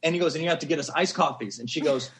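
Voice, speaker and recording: A man in his thirties tells a story as a podcast guest, fairly high-voiced and full of animated, gushing energy. He acts out the lines of the people in his story as he goes. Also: racing. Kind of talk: casual storytelling chat.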